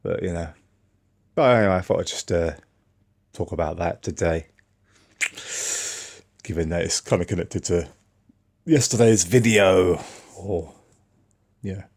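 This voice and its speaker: Male vlogger, low-pitched, rambling, casual story told to camera. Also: a little slow, vocal fry, long pauses, darkish tone. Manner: rambling, many fillers and restarts.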